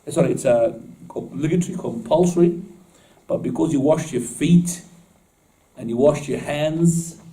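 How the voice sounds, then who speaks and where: In a mosque classroom, a man teaches Islamic law in casual, informal speech, often quizzing his students and laughing at his own jokes. His voice is warm and medium-pitched, but he's far from the mic and the audio is poor.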